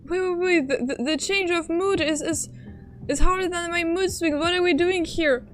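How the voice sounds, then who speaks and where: A woman streaming her reactions to a game, flustered and excitable, reading story text aloud in between. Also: extremely high pitch, normal speed, soft background music.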